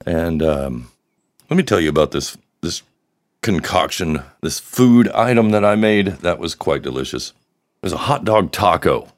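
A man hosting a live solo podcast, rambling and joking with crude humor. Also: a bass voice. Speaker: podcast host.

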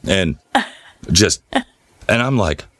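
A man with a very low voice co-hosts a casual podcast. He spins long, loose stories and swears freely. The sound is dry and close to the mic. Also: very slow, dry recording. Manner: relaxed rambling storyteller, swears freely. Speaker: podcast co-host. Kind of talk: casual chat, storytelling.

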